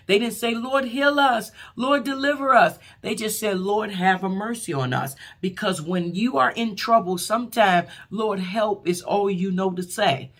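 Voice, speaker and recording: A woman preacher giving a short, fervent sermon in a colloquial way, with many fillers and loud cries when she quotes prayers. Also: lowish voice, breathy edge. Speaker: apostle, preacher.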